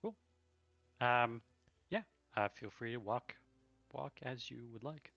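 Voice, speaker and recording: A man's voice: medium pitch, expressive, takes it slowly, vocal fry, muffled recording. A man running a tabletop game as game master, with a hesitant way of talking and many fillers.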